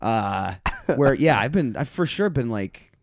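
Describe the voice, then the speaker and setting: Animated comedian man in his thirties. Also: medium pitch, measured pace, vocal fry, dry recording, studio quality. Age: 30s. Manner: animated storyteller, acts out hecklers in loud squeals. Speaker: comedian guest. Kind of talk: casual podcast chat.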